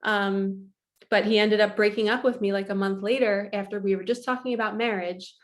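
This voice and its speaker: A woman's voice: mid-range voice, fairly even intonation, fairly quick. Woman coach vlogging, emotional and open, lots of "like"s and little laughs. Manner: chatty and rambling, many "like"s, laughs often; emotional, openly sharing feelings. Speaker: spiritual life coach. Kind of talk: confessional vlog talk to camera.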